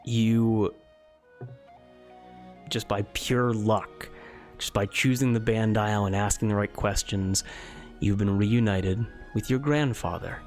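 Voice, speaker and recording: Male game master, slow and easygoing, light music underneath. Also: fairly low pitch, fairly even intonation. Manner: casual, with lots of fillers. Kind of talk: narrating a tabletop game.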